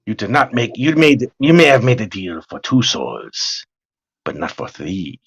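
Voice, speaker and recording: A stately older TV hero, grave and unhurried, speaking in a deep, measured voice with a bright edge, as a man puts him on for laughs. The lines come slow and weighty. He sounds like a figure from an old television drama. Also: very animated, vocal fry, husky, full character voice. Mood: defiant. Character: solemn older man defying the devil, stately.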